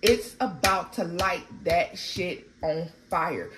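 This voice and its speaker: A woman giving a casual, animated tarot reading, blunt and full of profanity. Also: lowish voice, slow pace, soft background music. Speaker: tarot reader.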